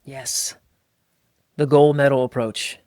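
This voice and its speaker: A man's voice: mid-range voice, flat delivery, slow, a little mellow, no room sound, clean studio sound. An American man co-hosting a casual podcast, talking bluntly and energetically, often mimicking other voices. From United States. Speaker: podcast co-host.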